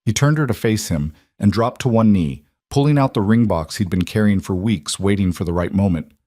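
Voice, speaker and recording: Low-voiced male story narrator. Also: animated, a little fast, mellow, dry recording, clean studio sound.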